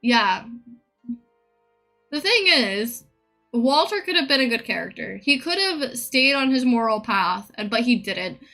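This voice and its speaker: A woman's voice: a little high, sing-song, a little slow, bright, forceful tone, soft background music. A woman streamer in a casual live-stream rant, blunt, profane and opinionated.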